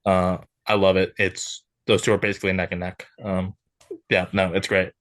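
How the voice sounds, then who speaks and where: Low-voiced man, halting, dry sound. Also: little pitch movement, a bit bright, no room sound. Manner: halting, restarts often. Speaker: podcast guest. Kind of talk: casual movie chat.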